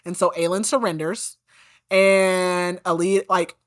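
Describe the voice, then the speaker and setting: A podcast host with a fairly low, level voice speaks slowly as she recaps a book. Her delivery is casual and chatty, sprinkled with "like" and indignant asides about the characters.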